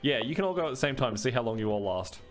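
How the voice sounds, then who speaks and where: A man's voice: mid-range voice, very animated, very fast. A man narrating a tabletop game as dungeon master. He talks loosely and chattily, full of fillers and restarts. Faint music plays underneath.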